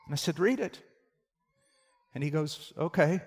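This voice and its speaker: A man preaching a sermon, telling a story quietly and then rising to loud, fervent shouts. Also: on the high side, animated, measured pace, slightly rough. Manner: storytelling, swings from hushed to shouting. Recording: reverberant hall.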